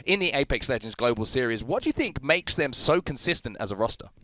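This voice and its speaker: A man's voice: mid-range voice, very animated, quick pace, a bit bright, no room sound. A man doing play-by-play commentary as an esports caster, upbeat and hyping the audience.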